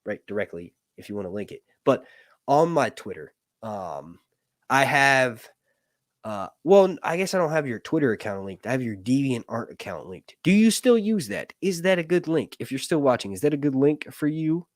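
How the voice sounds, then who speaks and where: A man's voice: mid-range voice, sing-song, moderate pace, no room sound, studio quality. A man hosting a casual livestream chat, rambling with lots of fillers and jokes. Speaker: host.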